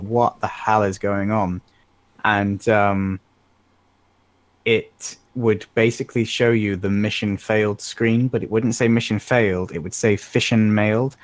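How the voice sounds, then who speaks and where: Low-voiced man, dry, explaining in detail. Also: no room sound. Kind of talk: casual podcast chat.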